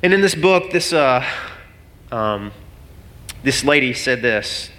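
A man's voice: mid-range voice, expressive, takes it slowly, bright, forceful tone. A man preaching a sermon as pastor, telling a story earnestly and with rising emotion. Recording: long hall reverb.

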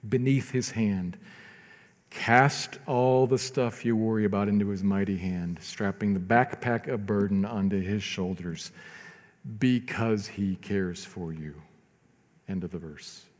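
A male pastor preaching a sermon in a conversational way, swinging between quiet asides and loud emphatic stretches. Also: fairly low pitch, fairly even intonation, a little slow, long reverb tail.

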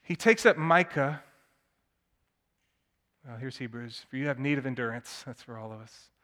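A man preaching a sermon, swinging from hushed tones to loud, emphatic declamation. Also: medium pitch, normal speed. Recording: long hall reverb.

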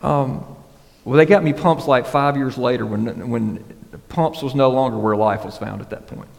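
A man's voice: medium pitch, normal speed, gravelly, big-room sound. A man preaching a casual, conversational sermon as pastor, often checking in with the congregation. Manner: casual, conversational preaching with frequent "right?" and "y'all".

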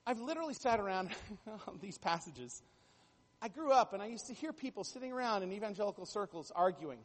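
A man's voice: sits high, expressive, a little fast, in a large hall. A man preaching a sermon, telling stories with jokey asides and building to emphatic bursts. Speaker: pastor.

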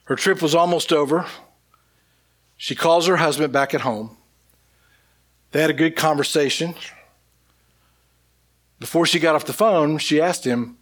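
Man preaching a sermon in a fairly high voice. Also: measured pace, long pauses, fairly bright tone. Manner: rhetorical questions and repeated phrases. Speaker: pastor.

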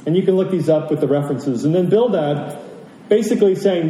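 A man's voice: high-pitched, a little fast, dark tone, a little hiss or hum. A man preaching a sermon as pastor, emphatic, asking rhetorical questions and repeating key phrases. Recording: roomy, distant from the mic, faint ambience.

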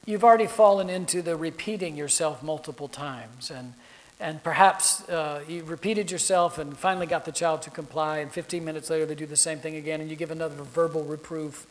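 A man's voice: a little high, brisk, poor audio. A middle-aged man, a pastor, teaching a class for parents in a conversational, anecdotal way, laughing often.

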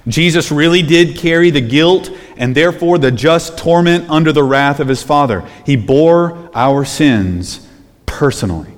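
A man preaching a sermon, emphatic, dropping to hushed low phrases and then rising to loud ones. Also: measured pace. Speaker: pastor. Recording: long hall reverb.

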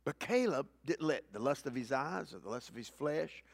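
Preaching as a pastor, this man moves from forceful, loud statements to soft, low asides and keeps returning to key phrases. He speaks expressively at a moderate pace, his voice creaky, with no echo.

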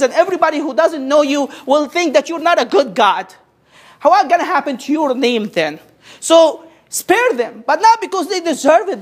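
A woman delivers a sermon in a high, bright-pitched voice. She grows animated when she acts out quoted speech, then slows down to read scripture with weight. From Egypt. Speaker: preacher.

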